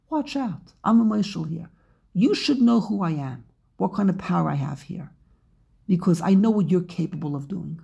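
A stern male ruler, gravelly and husky, hammering out his warnings again and again, as a woman teacher acts him out. He speaks as a lesson's retelling, emphatic and blunt. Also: mid-range voice, mellow, exaggerated voice.

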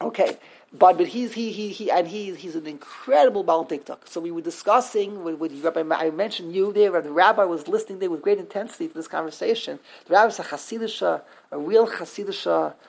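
Husky woman teaching a text class. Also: on the low side, a little mellow. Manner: explanatory, sounds out syllables slowly, frequent restarts. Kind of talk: classroom text study with pronunciation drills.

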